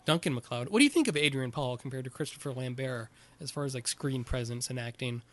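A man co-hosting a podcast, chatting casually about a movie and recapping its plot in a halting way, with plenty of fillers. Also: medium pitch, expressive, fairly bright tone. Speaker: podcast co-host. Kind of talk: casual movie review chat.

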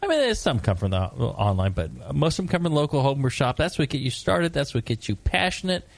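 A man's voice: medium pitch, very animated, quick pace, gravelly, no room sound. A man hosting a casual beer talk show, joking and teasing his guests. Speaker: podcast host.

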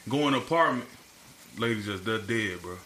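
A man with a bright, forceful voice tells stories in a casual, profane way and acts out what people said. The room is echoey, and faint noise sits under his voice. He sounds like a podcast co-host chatting with friends. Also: on the low side, moderate pace. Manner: animated, profane storytelling with acted-out quotes. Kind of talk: casual storytelling chat. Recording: roomy echo, faint background noise.

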